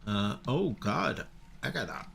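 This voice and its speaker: Man in his fifties, gravelly voice, unhurried, chats with viewers in chat while gaming. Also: on the low side, very animated, fairly bright tone, slight background noise. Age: 50s. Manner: chatty, talks to viewers in chat. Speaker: game streamer. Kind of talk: casual live-stream chat over gameplay.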